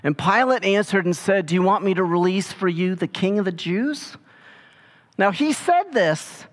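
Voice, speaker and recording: A man preaching a sermon in a relaxed, conversational way, retelling scripture in everyday speech. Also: high voice, fairly quick. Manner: casual storytelling, paraphrasing scripture in everyday speech. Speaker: pastor.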